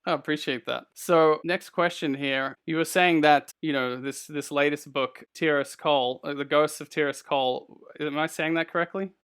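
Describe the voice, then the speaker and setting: Gravelly, bright-voiced podcast host. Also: male voice, fairly high pitch, fairly even intonation, normal speed, few pauses. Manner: rambling, full of "like" and "you know". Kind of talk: casual interview chat.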